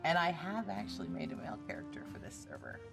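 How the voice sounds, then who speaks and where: A woman's voice: fairly low pitch, wildly swooping pitch, fast, gravelly, over music. A woman hosting a casual podcast chat, telling stories bluntly and with animation. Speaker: podcast host.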